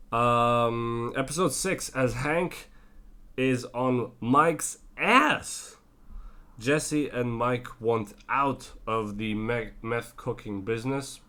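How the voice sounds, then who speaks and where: Slow, low-voiced tired man rambling. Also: fairly bright tone. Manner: rambling, many fillers and self-corrections; breaks into brief character impressions. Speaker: TV show reviewer. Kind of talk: casual spoken review.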